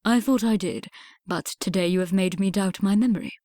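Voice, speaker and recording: A reserved young gentleman of the Regency era, as a woman narrator plays him, speaking in a measured and formal way. The storybook voice stays near her own middle pitch and sounds dry and close. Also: dry recording, close to an everyday voice. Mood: earnest.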